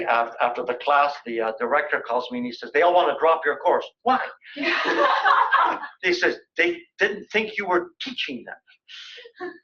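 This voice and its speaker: Older male lecturer, bright and joking. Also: mid-range voice, dull audio. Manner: joking, anecdotal, chatty. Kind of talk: colloquium lecture. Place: lecture room.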